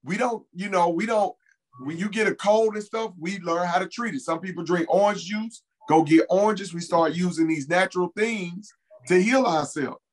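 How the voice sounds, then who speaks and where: An interview guest, a man with a fairly high voice, recounts events in loose, casual speech. He is earnest and emphatic and often repeats his key points. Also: moderate pace, poor audio. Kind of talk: casual conversational storytelling.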